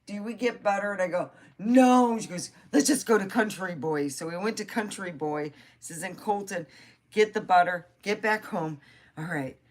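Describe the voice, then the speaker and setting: A woman's voice: lowish voice, normal speed. A woman telling rambling family stories in a casual vlog, laughing often and swearing now and then. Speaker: vlogger. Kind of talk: casual storytelling.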